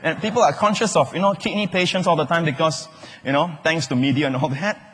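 A man with a Singaporean English accent preaching a sermon, animated and joking, often acting out other people's voices. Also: fairly high pitch, quick pace, breathy edge. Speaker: pastor. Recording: echoey hall with long reverb.

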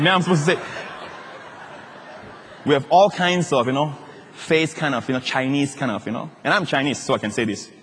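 A pastor preaching a sermon, joking with the congregation and acting out quotes. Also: male voice, fairly high pitch, a little fast, long pauses, slight background noise. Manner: animated, joking, acts out quotes. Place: large church hall. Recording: long reverb of a large hall.

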